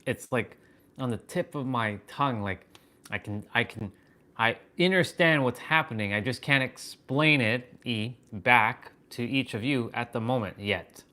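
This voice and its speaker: A man hosting a livestream, musing aloud in halting, wondering phrases with bursts of excited swearing. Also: mid-range voice. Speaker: fitness and wisdom livestream host. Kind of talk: live stream musing.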